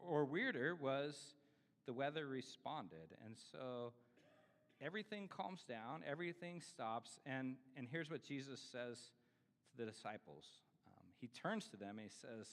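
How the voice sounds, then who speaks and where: A man's voice: fairly high pitch, expressive, moderate pace, fairly bright tone. A man preaching a sermon in a casual, conversational way, with many fillers and self-deprecating asides. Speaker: pastor. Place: church sanctuary. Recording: reverberant church hall.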